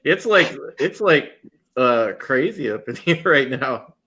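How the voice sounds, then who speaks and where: A man's voice: medium pitch, lively intonation, takes it slowly, pushed and bright, low-quality recording. A man hosting a casual online chat show, rambling and swearing freely, often breaking into laughter. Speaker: podcast host.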